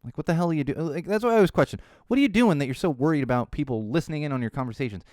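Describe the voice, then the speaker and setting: Animated ranting male podcast host. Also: a little high, racing, dry recording, clean studio sound. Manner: animated, ranting, mocking voices. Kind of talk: solo podcast monologue.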